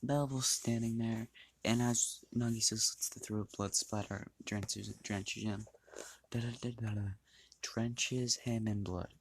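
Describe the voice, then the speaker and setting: A man's voice: fairly low pitch, steady tone, a little slow, slight background noise. Rambling, swearing male fan storyteller. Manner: rambling, swears, restarts often. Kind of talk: casual fan story narration.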